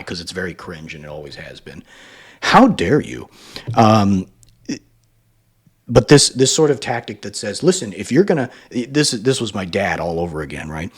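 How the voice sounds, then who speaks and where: A man's voice: fairly low pitch, slightly rough. A man giving emphatic reaction commentary on a video, now and then mocking others in a sneering voice.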